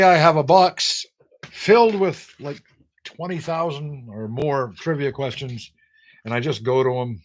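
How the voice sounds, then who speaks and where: A man's voice: medium pitch, unhurried. An older man from the United States runs a casual trivia livestream. He is teasing and wry, reading viewers' answers aloud and joking back at them. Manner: teasing, sarcastic, reads viewer names aloud. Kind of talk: casual live-chat trivia banter.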